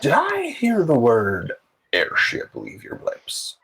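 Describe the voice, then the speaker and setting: A man's voice: mid-range voice, huge pitch swings, slow pace, gravelly, a bit bright, a little hiss or hum, pitched above the performer's own voice, heavily acted, poor audio. A man voicing a seasoned male airship captain, a former military pilot who speaks in clipped, terse sentences.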